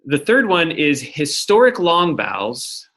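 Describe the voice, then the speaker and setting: A man's voice: on the high side, very animated, a little slow, vocal fry, a bit bright. A man teaching a lecture-style lesson, explaining step by step and often checking in with "right?". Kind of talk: recorded lecture at a whiteboard.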